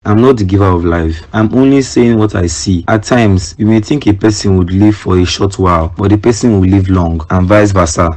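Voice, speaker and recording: A man with a Nigerian accent playing a calm, serious doctor who talks in a measured, reassuring way. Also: on the low side, close to an everyday voice. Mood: grave.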